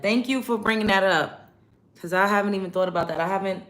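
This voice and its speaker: A woman's voice: fairly low pitch, fast, fairly bright tone. A young woman from New York chatting casually with viewers on a livestream while doing her makeup. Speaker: livestream host.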